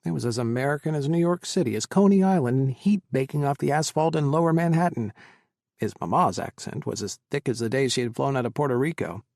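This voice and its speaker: A man narrating an audiobook in an even, measured reading. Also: mid-range voice, creaky, no echo, clean studio sound. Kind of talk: scripted narration.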